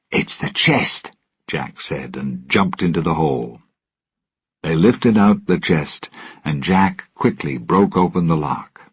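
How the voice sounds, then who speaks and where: A man narrating a storybook with a slow, careful reading manner, recorded dull and lo-fi. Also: very deep voice, slightly rough, no room sound. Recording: dull lo-fi, dry.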